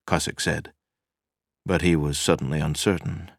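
A man narrating a science fiction audiobook in a steady, even storytelling manner. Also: very deep voice, normal speed, no echo, clean studio sound. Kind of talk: scripted narration.

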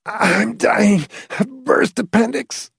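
A man's voice: very high-pitched, slow, gravelly, fairly bright tone, husky, no room sound, studio quality, pitched above the performer's own voice, full character voice. A male narrator voicing a weary, cynical man who mutters sardonically through clenched teeth. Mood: pained. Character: weary, put-upon man, bitter and cynical.

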